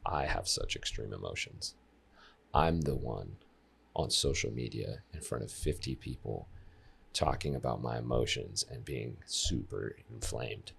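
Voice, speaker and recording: A man in his thirties, a life coach guest on a podcast, telling stories in a lively, casual way and talking straight to the listeners. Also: a bass voice, measured pace, creaky, a little hiss or hum. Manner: animated storyteller who addresses listeners directly.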